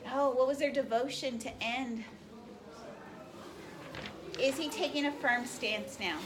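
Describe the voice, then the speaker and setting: A woman with a high voice speaks slowly while teaching history, reading a speech and firing questions at the class. It's a classroom lecture recorded from afar, with slight noise.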